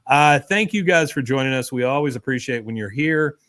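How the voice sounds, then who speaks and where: A man casually recapping a cartoon episode on a livestream, rambling and loose with many fillers. His voice sits at an ordinary pitch. It is close and dry, with no room echo. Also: animated, a little fast, fairly bright tone. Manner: rambling, filler-heavy storytelling. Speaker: podcast host.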